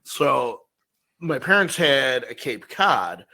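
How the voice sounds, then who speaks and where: Male podcast co-host, chatty storyteller, bright-toned voice at average pitch. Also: very animated, slow. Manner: rambling storyteller, lots of fillers. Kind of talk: casual chat.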